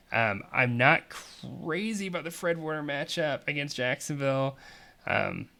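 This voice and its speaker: A man talks through fantasy matchups in a loose, casual host style. His voice is bright and forceful, and his analysis wanders with plenty of fillers and restarts. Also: medium pitch. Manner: rambling, chatty, filler-heavy analysis. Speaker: fantasy league podcast host. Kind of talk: casual sports talk commentary.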